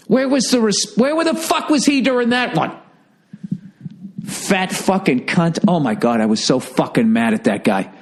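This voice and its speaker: A middle-aged man, a comedian, ranting heatedly and profanely in a sarcastic monologue. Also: on the high side.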